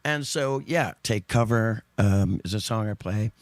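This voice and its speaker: A man's voice: lowish voice, measured pace, no room sound. A man telling stories in casual chat, rambling and correcting himself, often breaking into laughs. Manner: rambling, self-correcting storyteller with frequent laughs. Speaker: guest singer.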